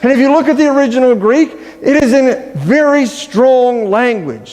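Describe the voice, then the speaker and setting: A man preaches in a church sanctuary, his fairly high voice ringing through a roomy hall with a long tail of reverb. He talks to the congregation like a friend, throwing out questions and poking fun at himself. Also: expressive, normal speed, hardly any pauses, darkish tone. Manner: conversational, asks the congregation questions; playful, self-deprecating humor. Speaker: pastor. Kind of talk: sermon.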